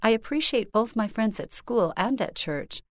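A woman reading a first-person story aloud as scripted narration, in an earnest, measured delivery. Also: on the high side, expressive, dry recording, clean studio sound. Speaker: reader.

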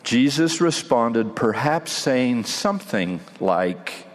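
A man giving a sermon in a measured way, with dramatic pauses, in a hall with a long echo. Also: medium pitch, sing-song. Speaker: preacher.

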